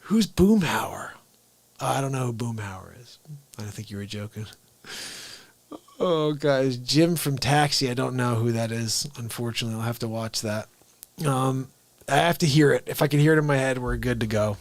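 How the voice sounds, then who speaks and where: Man musing softly to his stream. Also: mid-range voice, normal speed, no room sound. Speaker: livestream comedian. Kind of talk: casual chat with viewers.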